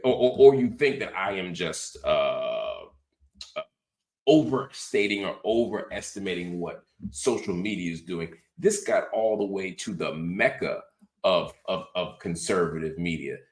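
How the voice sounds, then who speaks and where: Deep-voiced sarcastic man. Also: a little slow. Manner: animated, sarcastic, mocking. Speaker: host. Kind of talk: political commentary.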